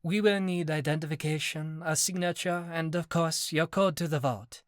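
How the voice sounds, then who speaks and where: A woman's voice: sits low, normal speed, no room sound, studio quality, voice pushed up, natural voice. A man voicing a formal French bank teller woman with a thick French accent. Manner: formal, polite.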